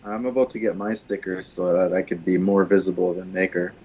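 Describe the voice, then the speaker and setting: A man's voice: deep voice, little pitch movement, a little fast, a little mellow, husky, highs cut off. A man in casual livestream chat, easygoing and agreeable.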